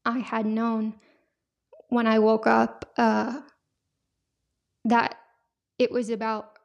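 A young woman hosting a podcast, sharing an emotional personal testimony in a halting way, full of fillers. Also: on the high side, steady tone. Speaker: podcast host.

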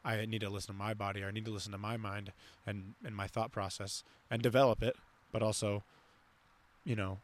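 A man's voice: on the low side, flat delivery, fairly quick. A young man hosting a podcast, talking casually and rambling with lots of fillers and restarts. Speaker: podcast host. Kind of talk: casual conversation.

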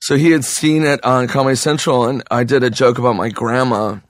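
A man's voice: medium pitch, fairly even intonation, fairly quick, no echo, clean studio sound. A hungover man, a comedian guest, telling loose, profane stories in a casual podcast interview. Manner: loose, profane storytelling with restarts.

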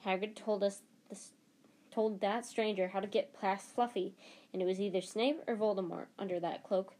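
A woman's voice: mid-range voice, fairly even intonation, moderate pace, warm tone, lightly acted. A frantic young schoolboy wizard, read by a woman, urgent and anxious. He pushes his words out in a hurry, a storybook hero in trouble.

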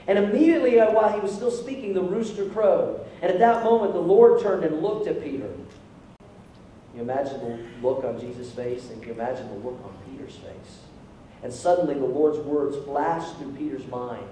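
A male pastor preaching a sermon in a church, animated, calling out to the congregation for responses. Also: fairly high pitch, fairly quick, a little hiss or hum. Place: church sanctuary. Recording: echoey hall from far off.

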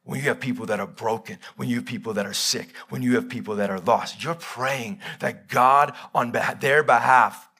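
Male pastor, live sermon, bright tense tone, dramatic loud-to-quiet swings. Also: moderate pace, few pauses, husky. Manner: swings between loud emphatic peaks and quiet low passages; voices God and Bible figures in quoted speech. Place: church.

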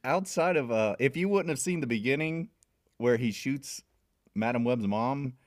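A man's voice: medium pitch, animated, normal speed, no room sound, studio quality. A man co-hosting a casual film review podcast, laughing often and agreeing. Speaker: podcast co-host.

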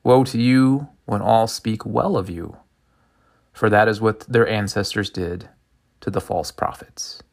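A man reading as Jesus, solemn and gravelly. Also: lowish voice, unhurried. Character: Jesus, grown man preaching to a crowd.

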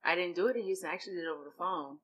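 Quick, low-voiced young woman. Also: slightly rough. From California. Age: 20s. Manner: quiet, wry, quick. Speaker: podcast guest. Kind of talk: casual podcast chat. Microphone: studio podcast mic.

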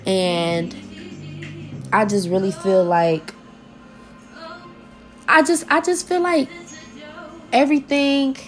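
A woman's voice: mid-range voice, steady tone, takes it slowly, long pauses. Young woman, personal vlog, heartfelt, informal, faint music behind. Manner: heartfelt, informal, repeats herself while searching for words. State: close to tears at times. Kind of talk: personal vlog talking to viewers.

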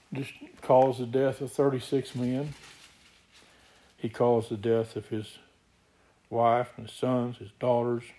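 A man delivers a sermon in a mellow, warm voice of middling pitch. He reads scripture aloud and then explains it in plain, earnest words to his congregation. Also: low-quality recording. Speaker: preacher.

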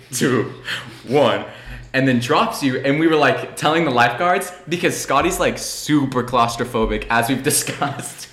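A man co-hosting a casual podcast, telling stories quickly and with laughter, acting out the quotes. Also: mid-range voice, a bit bright. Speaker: podcast co-host. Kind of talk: casual chat among friends. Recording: echoey room.

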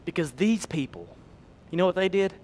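High-pitched pastor preaching. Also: male voice, animated, moderate pace. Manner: swings between shouting and hushed near-whispers; folksy Southern phrasing, humorous asides. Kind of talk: sermon.

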